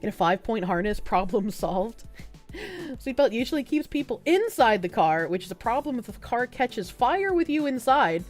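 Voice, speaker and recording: A young woman streamer with a stuffy nose, chatting casually and softly with her chat, giggling and swearing freely. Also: fairly high pitch, sing-song, normal speed, soft background music. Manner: soft-spoken, not loud, giggly, swears casually. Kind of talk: casual live-stream chat, reading chat messages aloud.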